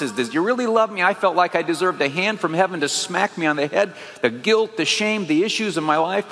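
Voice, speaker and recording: High-voiced guy preaching his testimony, earnest, big hall reverb. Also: fairly bright tone. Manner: earnest storytelling, emphatic rising phrases. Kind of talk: sermon testimony.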